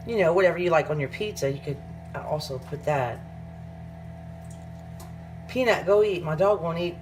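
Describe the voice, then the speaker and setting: A woman, hosting a casual home cooking vlog and chatting through each step in her kitchen. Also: low voice. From Southern United States.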